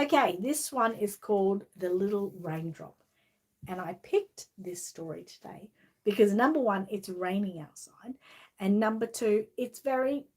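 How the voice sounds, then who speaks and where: A woman's voice: medium pitch, darkish tone, slightly rough. An Australian woman hosting a live stream, chatting casually with lots of fillers and a sleepy, rambling manner, then reading a children's storybook aloud. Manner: rambling, filler-heavy, drowsy. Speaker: livestream host.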